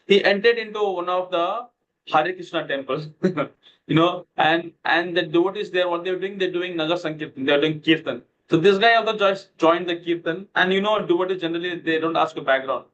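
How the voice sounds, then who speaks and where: A man's voice: high voice, a little fast, a bit bright, lo-fi sound, slight background noise. A man teaching a devotional scripture class over a video call, telling a story loosely with lots of "you know" fillers. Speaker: Bhagavad Gita class teacher.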